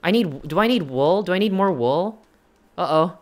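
A streamer chatting with viewers while playing a game live, thinking aloud in hesitant questions and gasping in excitement at each new find. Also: mid-range voice, normal speed. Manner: excitable, gasping and exclaiming at discoveries.

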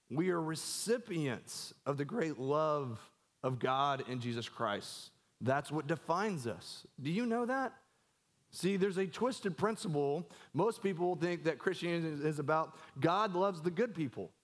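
A man preaching a sermon as pastor, earnest and conversational, often asking a question and answering it himself, repeating words as he goes. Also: fairly high pitch.

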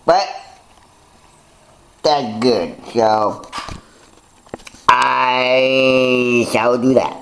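A man's voice: medium pitch, fairly even intonation, extremely slow, gravelly, long pauses, fairly bright tone, roomy sound, a little hiss or hum, low-quality recording. A young man talking casually to his vlog audience, rambling and poking fun at himself. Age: young adult. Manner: rambling, self-mocking, laughs at himself. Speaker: vlogger.

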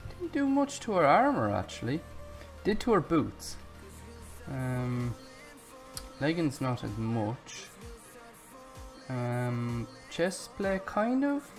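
Young male gaming host, slow-paced, cusses and mutters to himself mid-game, music bed behind. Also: mid-range voice. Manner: excitable, swears often, talks to himself while playing. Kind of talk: live gameplay commentary.

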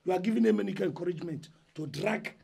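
An actor with a Nigerian accent playing an indignant eldest brother who loudly lectures his family about his inheritance rights. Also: sits high, fast, creaky, husky, heavily acted. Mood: angry. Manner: loud, agitated, lecturing. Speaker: eldest son in a family dispute. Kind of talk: Nollywood film acting.

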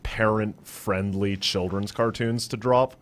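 A man's voice: fairly low pitch, fairly even intonation, slow pace. A man, a guest on a casual chat show, talking in an easygoing, thoughtful way.

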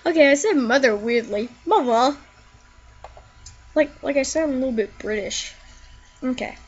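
A woman giving let's play commentary, excitable and jokey, squealing and shrieking at the game and chattering to herself. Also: high-pitched, fairly quick, husky, lo-fi sound. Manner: jokey running self-talk. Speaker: gaming video creator.

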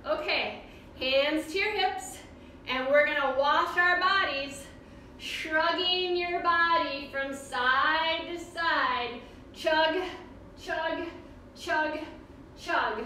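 A woman guides children through yoga in a slow, unhurried, sing-song voice that sits very high. Her tone is bright and encouraging. She sounds far from the mic in a very echoey room with faint background noise. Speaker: kids' yoga teacher. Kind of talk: guided kids' yoga class. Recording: roomy echo from far off.

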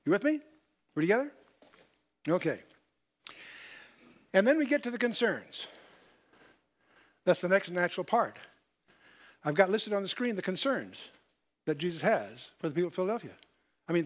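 Long pauses break up this older man's very animated, high-voiced Bible teaching, delivered at a moderate pace. He works verse by verse, emphasizing and repeating key points while asking the audience questions.

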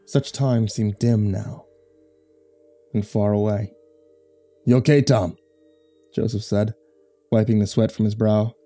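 A man reading a horror story aloud in measured, scripted narration. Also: lowish voice, little pitch movement, warm tone, no room sound.

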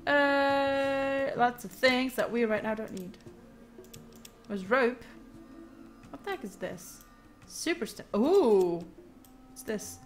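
A woman streaming a game live, chatting and reacting out loud as she plays, at a home desk mic. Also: a little high, expressive, takes it slowly, pauses often, faint music behind.

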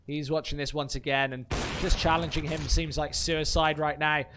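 A man doing play-by-play commentary on an esports match, surging into excited shouts on big plays. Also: fairly high pitch, normal speed, background noise.

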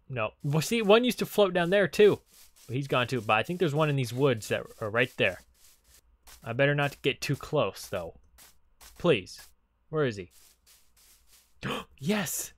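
A young gaming channel host with a medium-pitched, fairly bright voice plays through a casual Let's Play. He talks to the game's creatures and bursts into sudden panicky outbursts.

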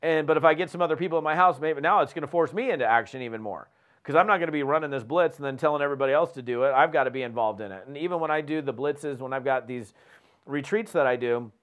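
A man hosting a podcast, giving a lively coaching talk as an animated storyteller who often restarts his sentences. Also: fairly high pitch. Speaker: host.

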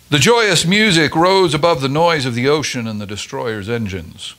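Expressive male storyteller. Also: medium pitch, normal speed, few pauses. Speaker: story reader at a church Advent service. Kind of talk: scripted story reading.

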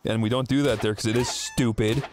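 A man telling a story in casual podcast chat, animated and swearing, acting out what people said. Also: medium pitch, a little fast, slight background noise. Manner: animated, swearing, acts out quotes. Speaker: podcast regular.

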